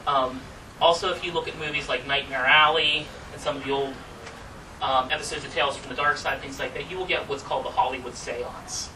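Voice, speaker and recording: Teasing magician, distant and noisy. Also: male voice, medium pitch, steady tone, a little fast. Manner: chatty, teasing, theatrical asides. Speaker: magician presenter. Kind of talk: live workshop demonstration. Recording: distant mic with clear background noise.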